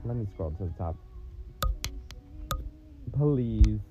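A man's voice: lowish voice, lively intonation, slow pace, phone-quality sound, music in the background. A young man hosting a confessional podcast, talking in a candid, profane, campy way. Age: young adult. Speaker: podcast host.

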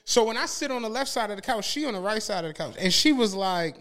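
A man's voice: high voice, quick pace, hardly any pauses. A man co-hosting a podcast, telling a story in casual chat and acting out the quotes. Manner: animated storyteller, acts out quotes. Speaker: podcast co-host.

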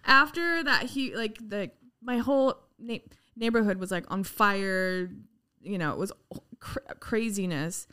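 A woman telling a story in casual chat, animated, laughing often and swearing. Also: medium pitch, measured pace, smooth. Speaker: podcast guest. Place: Los Angeles resident.

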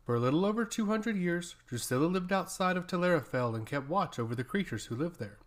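A man narrating a fantasy story in a steady, even storytelling way. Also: sits high, fast talker. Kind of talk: scripted fantasy audiobook narration.

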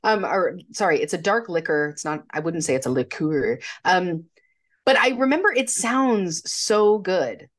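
A woman co-hosting a podcast, chatting in an animated, self-deprecating way. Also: on the low side, measured pace. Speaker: podcast co-host. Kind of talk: casual chat.

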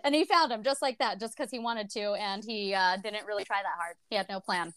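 A woman's voice: medium pitch, brisk, a bit bright, smooth, dry recording. A woman co-hosting a podcast in a casual book chat, laughing often and swearing freely. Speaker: podcast co-host.

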